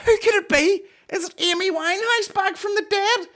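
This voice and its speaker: Man doing a squealing falsetto gushing fan. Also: normal speed. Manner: breathless, over-excited gasping.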